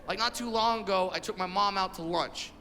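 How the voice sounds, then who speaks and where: A man performing a stand-up comedy set, telling stories with animated delivery and shouted punchlines. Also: high voice, fairly quick. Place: stage in a comedy venue. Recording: echoey venue recording with noise.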